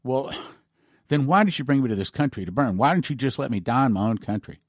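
A man's voice: mid-range voice, lively intonation, brisk, no room sound, clean studio sound, natural voice. A man voicing a frightened immigrant man who pleads with anguished questions.

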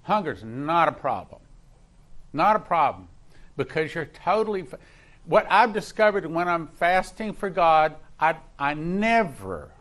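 A man's voice: a little high, fairly bright tone. Emphatic male pastor telling a story. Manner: emphatic, rising in intensity, repeats words for stress. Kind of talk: sermon with personal storytelling.

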